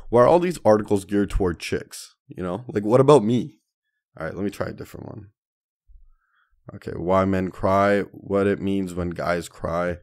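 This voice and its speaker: Deep-voiced man, profane casual rambling. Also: normal speed, a little mellow. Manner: profane, slangy storytelling, says dude and man constantly. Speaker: podcast host. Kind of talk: casual solo podcast monologue.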